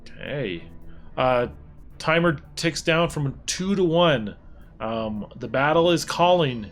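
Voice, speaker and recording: A man narrating as game master of a tabletop game, in a relaxed, easygoing way with many pauses. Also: fairly high pitch, faint music behind.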